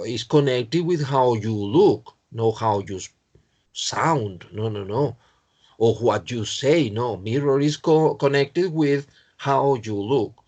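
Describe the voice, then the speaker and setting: A man teaching an English exam-prep lesson online, a Spanish speaker with a Spanish accent who stops often, repeats himself and corrects his own words. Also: medium pitch.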